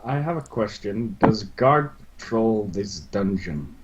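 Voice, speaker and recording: A man's voice: lowish voice, animated, slow, highs cut off, heavy background noise. A man playing in a tabletop game, asking questions and joking casually. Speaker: player.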